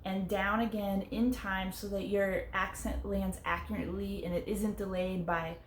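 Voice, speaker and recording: Young female drum teacher, clear and methodical, counts beats aloud; echoey room. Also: mid-range voice, flat delivery, moderate pace, slight background noise. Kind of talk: casual instructional explanation. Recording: echoey room with faint ambience.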